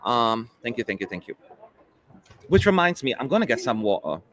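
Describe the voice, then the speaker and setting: A man's voice: mid-range voice, very animated, background noise. Chatty man hosting a live stream. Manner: chatty, quick asides and jokes. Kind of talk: casual chat.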